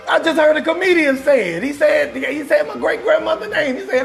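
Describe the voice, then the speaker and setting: Southern male comedian, very high voice with a raspy edge, loud and profane, riffing to the chat. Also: a little fast, hardly any pauses, soft background music. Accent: Southern American. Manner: loud, profane, animated, reads chat names. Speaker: comedian hosting a live stream. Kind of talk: casual live-stream comedy rant.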